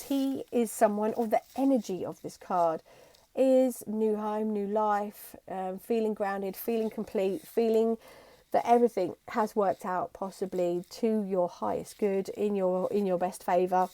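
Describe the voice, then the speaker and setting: A woman's voice: medium pitch, mellow, no room sound. A young adult woman chatting casually to camera as she gives a tarot reading. She is bubbly and now and then slips into playful voices. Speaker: tarot reader.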